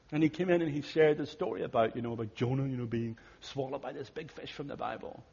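Husky male pastor, conversational sermon storytelling, dull audio in a long-echo hall. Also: medium pitch, fast talker, hardly any pauses. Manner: earnest, conversational, drops to hushed tones.

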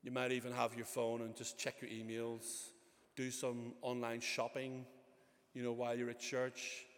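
A man's voice: medium pitch, completely flat delivery, normal speed. A male pastor preaching a sermon in a conversational way, with frequent asides and restarts. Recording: long church reverb.

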